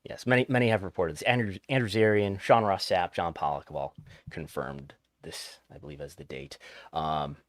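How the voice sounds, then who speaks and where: A man's voice: low-pitched, fairly even intonation, normal speed, no room sound, clean studio sound. A man hosting a podcast, chatting casually about the news with wry, joking asides. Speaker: podcast host.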